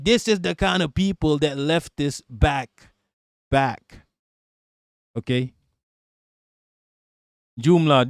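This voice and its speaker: A man's voice: a little high, no room sound. Ranting live-stream host, man, dry sound. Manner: profane, ranting, talks back to chat. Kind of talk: live political commentary reading chat.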